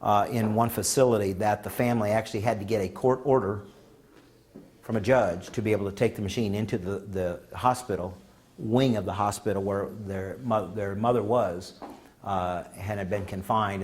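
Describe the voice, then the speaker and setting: A man's voice: on the low side, moderate pace, slight background noise. A man giving a conference talk, telling folksy stories and acting out the quotes of the people in them. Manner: folksy, animated anecdotes with acted-out quotes. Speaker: conference speaker. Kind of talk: storytelling talk. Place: conference room.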